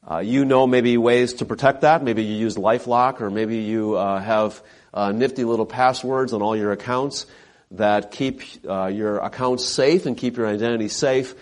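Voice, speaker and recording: A man's voice: medium pitch, moderate pace. Earnest male pastor preaching. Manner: earnest preaching, frequent "uh" fillers. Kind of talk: sermon.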